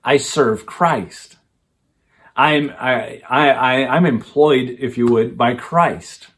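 A man's voice: mid-range voice, slow, fairly bright tone. Male pastor, conversational sermon delivery, stop-start phrasing, mid-range voice. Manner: conversational preaching with frequent restarts and fillers.

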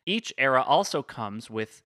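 Very animated and a little slow, a medium-pitched man with a sharp tone co-hosts a podcast, recorded in studio quality with no room sound. He leads the topic step by step in casual chat, often stopping to correct his pronunciation of big words.

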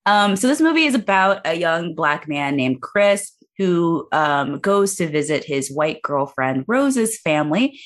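A woman's voice: lowish voice, very animated, measured pace, few pauses. A woman hosting a podcast in casual, joking chat, laughing often between remarks. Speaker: podcast host.

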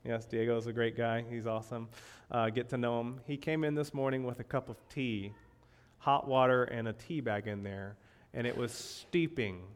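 A man's voice: fairly even intonation, moderate pace. Male pastor, mid-range voice, conversational sermon delivery, emphatic repetition. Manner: conversational, repeats key phrases, rises in pitch for emphasis.

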